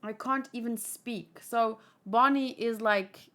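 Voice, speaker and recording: A woman's voice: a little high, steady tone, slow, bright, forceful tone. A woman hosting a manga read-along, reading a comic aloud and adding emotional, rambling commentary.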